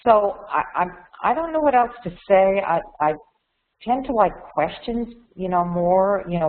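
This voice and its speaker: A woman talks openly and reflectively to a webinar group, often doubling back on her words. Her voice comes through a thin, phone-like line. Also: on the low side. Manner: candid, repeats words and restarts often. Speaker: webinar speaker.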